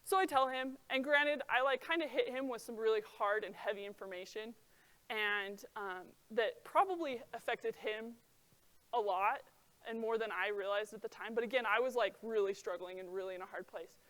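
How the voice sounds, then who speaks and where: A young adult woman giving an earnest talk to a young audience, chatty and full of "like" fillers, telling stories with lively feeling. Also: fairly high pitch, moderate pace. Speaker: presenter.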